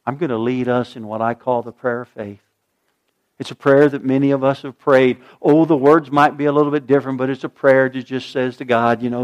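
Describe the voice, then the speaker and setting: A male pastor preaching a sermon, swinging from loud emphatic lines to a hushed, slow prayer. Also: medium pitch, fairly even intonation.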